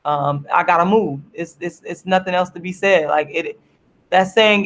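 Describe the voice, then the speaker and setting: A tired, sleepy woman hosting a casual livestream, speaking in an earnest, repetitive, drawn-out way to viewers through her camera. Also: on the low side. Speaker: livestream host.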